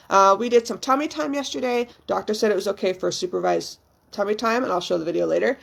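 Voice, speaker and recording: A woman's voice: mid-range voice, fairly quick, creaky, slightly rough. A young woman vlogging as a new mother, talking candidly and emotionally, rambling with frequent ums and casual swearing. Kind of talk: casual, candid vlog chat.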